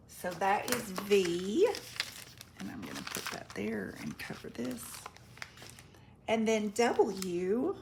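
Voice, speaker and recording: Her medium-pitched voice swings widely in pitch against a noisy background. She's an online craft seller in a casual presale video, chatting without hurry as she describes vintage paper and crafts up close and stumbling on foreign words.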